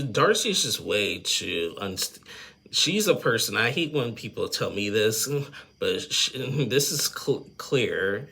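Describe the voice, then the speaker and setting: Deep gravelly man rambling through a recap. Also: sharp tone. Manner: rambling, filler-heavy, opinionated with chuckles. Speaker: reality TV recap vlogger. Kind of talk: casual episode recap commentary.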